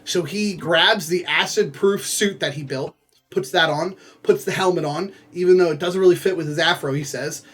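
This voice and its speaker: A man with a notably high voice casually retells a story from a book, rambling through it with plenty of filler words. He breaks off now and then into playful asides to his viewers, talking from home. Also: moderate pace, a bit bright, faint music behind. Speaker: book recapper.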